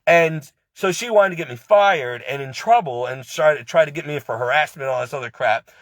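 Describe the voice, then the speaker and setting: A man's voice: on the high side, a little fast, a bit bright, dry recording. A man angrily venting about the job he just quit, upset and stumbling over restarts. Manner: agitated, repetitive venting with many restarts. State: upset and angry. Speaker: ex-employee venting. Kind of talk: personal rant to camera.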